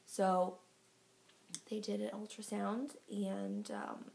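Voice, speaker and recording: A woman's voice: mid-range voice, level tone, normal speed, creaky, long pauses. A woman vlogger giving a casual pregnancy update to camera, chatty and filler-heavy, a little out of breath.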